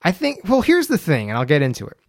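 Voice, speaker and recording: A man's voice: a little high, huge pitch swings, quick pace, gravelly, no echo, studio quality. A young man from the United States, hosting a podcast alone and rambling casually with lots of fillers. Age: young adult. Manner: rambling, loose and chatty with frequent fillers. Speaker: podcast host. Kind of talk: casual solo monologue.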